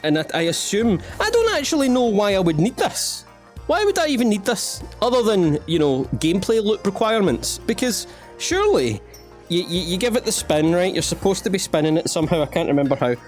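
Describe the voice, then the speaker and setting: With soft music in the background, a Scottish man hosts a let's-play in a high-pitched, sing-song voice at a brisk pace. This gaming channel host keeps up playful, self-mocking jokes and asides to viewers while he plays.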